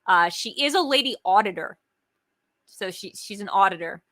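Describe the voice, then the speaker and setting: A woman co-hosting a casual chat over a video call, talking in an excitable, jokey and rambling way. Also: mid-range voice, normal speed, dry recording. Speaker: co-host.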